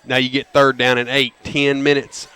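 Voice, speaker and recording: Folksy football announcer, bright voice. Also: male voice, mid-range voice, normal speed, clear, resonant tone. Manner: folksy, erupts into loud excited calls on big plays. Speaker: play-by-play announcer. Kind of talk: high school football radio commentary. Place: stadium press box.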